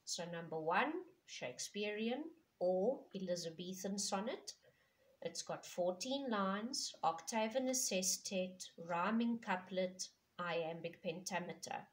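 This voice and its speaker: A slow, unhurried woman teaching a poetry lesson. She explains patiently and pauses on fillers as she works through the structure, with her pitch in a middle range. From South Africa. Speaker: English teacher. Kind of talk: classroom lesson explaining a poem.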